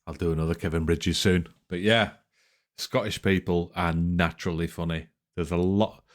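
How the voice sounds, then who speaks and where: A man's voice: sits low, moderate pace. A man hosting a reaction video, chatting casually and talking straight to his viewers. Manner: relaxed, chatty, addresses viewers directly. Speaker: reaction channel host.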